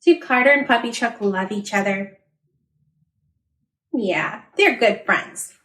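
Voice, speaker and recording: A woman librarian reading a picture book aloud to young children, asking them questions and making lively sound effects. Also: mid-range voice, takes it slowly, reverberant, a little hiss or hum.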